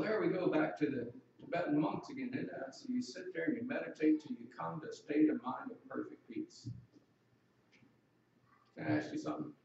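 A man's voice: fairly high pitch, gravelly, dark tone, very echoey, distant mic, highs cut off, a little hiss or hum. A man preaching a sermon in a conversational way, asking the congregation questions.

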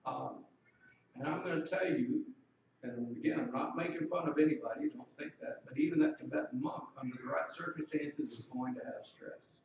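A man's voice: mid-range voice, normal speed, creaky, heavy reverb, distant mic, lo-fi sound, slight background noise. A man preaching a sermon in a conversational way, asking the congregation questions.

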